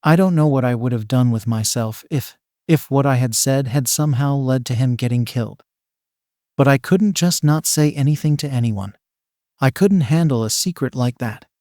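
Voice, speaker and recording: A man reading the lines of an anxious, tearful young woman civilian in a level, even voice. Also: medium pitch, moderate pace, no room sound, clean studio sound, close to an everyday voice.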